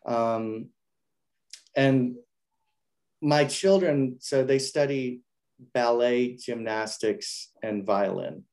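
Man, interview guest, earnest, reflective, restarts phrases, mid pitch. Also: drawn-out words, pauses often, darkish tone. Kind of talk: casual interview chat.

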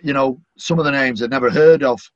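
A man's voice: medium pitch, quick pace, dry recording. Chatty Mancunian man, dry muffled sound. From Manchester, England. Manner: warm, chatty, lots of "you know" fillers. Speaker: stadium announcer, podcast guest. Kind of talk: casual interview chat.

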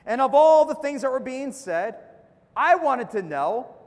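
A man's voice: very high-pitched, big pitch swings, unhurried. A man preaching a sermon as pastor, with emphatic dips and rises and calls for an amen. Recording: long hall reverb.

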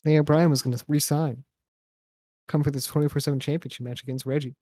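A young man with a fairly high voice riffs sarcastically through a wrestling recap, swearing freely and cracking jokes. He is close on a headset microphone in a dry, dead room. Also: steady tone, fast, warm tone, husky, no echo. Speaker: podcast co-host. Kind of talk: casual wrestling chat. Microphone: microphone and headphones.

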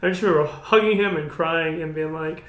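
A young man tells his own faith story in casual talk, quoting his past self with animation. His voice sits a little high for a man. The room around him rings with a noticeable echo. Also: brisk, a bit bright. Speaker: guest sharing his testimony. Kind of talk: casual chat. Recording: roomy echo.

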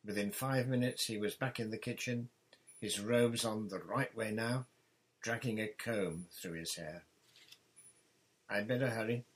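A man reading a novel aloud in a steady, even narrating manner. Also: fairly low pitch, a little slow, breathy edge. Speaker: audiobook reader.

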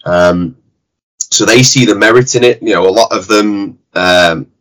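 A man's voice: on the low side, a little slow, fairly bright tone, poor audio. A man with a Yorkshire accent, a jiu-jitsu head coach, talking bluntly and animatedly in a casual interview, with some swearing.

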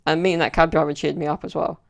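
A man rambles through a casual solo podcast story, leaning on lots of fillers. His voice has a gravelly fry, and his pitch stays flat and even. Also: fast. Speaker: podcast host.

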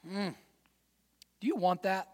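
High-voiced pastor preaching in a hall. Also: male voice, expressive, takes it slowly. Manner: swings from hushed asides to loud fired-up exhortation; folksy, addresses congregation as y'all and man. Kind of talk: sermon.

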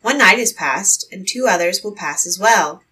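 Storybook hero read by a woman: fearless cheerful young man, breezy and bold, bright tone. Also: mid-range voice, expressive, moderate pace, husky, far from the mic, full character voice, rough recording. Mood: calm.

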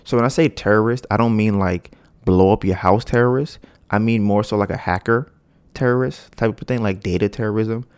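Podcast guy rambling through a story, kinda low voice, slangy, does the voices. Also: brisk, clear, resonant tone. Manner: animated, acts out quoted dialogue with rising pitch; loose slangy speech with frequent fillers. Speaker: podcast host. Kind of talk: casual storytelling monologue.

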